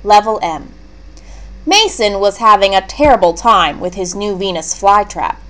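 A woman reading a leveled children's book aloud, clear and expressive. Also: medium pitch, unhurried. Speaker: storybook reader.

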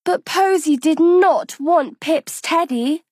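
A woman reading a children's bedtime story aloud in a slow, expressive, sing-song way. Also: very high voice, no room sound, studio quality. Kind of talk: scripted bedtime story narration.

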